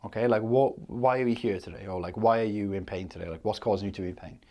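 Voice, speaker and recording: A man acting out a brisk male doctor who fires quick questions at a patient. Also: on the low side, darkish tone. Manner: rapid-fire questioning.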